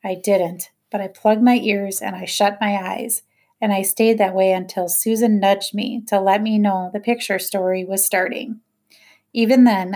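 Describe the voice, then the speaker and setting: A woman reading a children's novel aloud, in a steady, measured first-person narration. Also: medium pitch. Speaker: audiobook reader.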